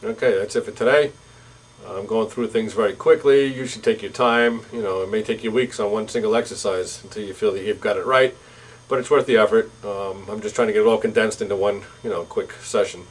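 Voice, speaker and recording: A man teaching drum technique, explaining exercises in a calm, plain way. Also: on the low side, brisk. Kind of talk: instructional demonstration.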